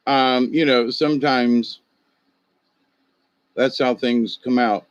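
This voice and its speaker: A man's voice: mid-range voice, steady tone, takes it slowly, no room sound, highs cut off. Rambling Southern man chatting live. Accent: Southern US drawl. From American South. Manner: rambling, chuckling, talks to chat viewers by name. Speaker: livestream host. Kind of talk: casual livestream chat.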